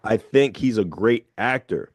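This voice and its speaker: Deep-voiced radio host, dry studio. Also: male voice, no echo. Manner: measured, thoughtful, slows down to stress points. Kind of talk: casual radio chat. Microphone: studio microphone.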